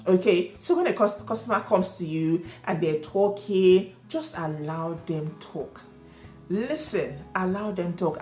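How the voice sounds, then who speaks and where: A woman with a fairly low voice coaches small business owners, stressing and repeating her points. She sounds like she is in an echoey room, with faint music in the background. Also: a little mellow. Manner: emphatic, repeats key points, asks viewers questions. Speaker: cake business owner and channel host. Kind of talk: instructional vlog talk.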